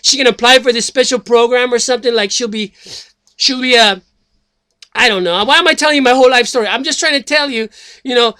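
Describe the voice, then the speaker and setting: A man plays a slacker announcing his run for president, rambling through a loose comedic monologue packed with fillers and swearing and losing his thread. His voice is very high, fast, bright, forceful, and clean, recorded dry.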